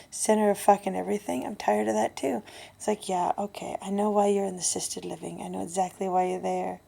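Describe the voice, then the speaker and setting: A woman of fifty talking candidly in a vlog, blunt and swearing, dropping to a hushed breathy voice and then getting loud. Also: medium pitch, level tone, quick pace. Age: 50s. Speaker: vlogger.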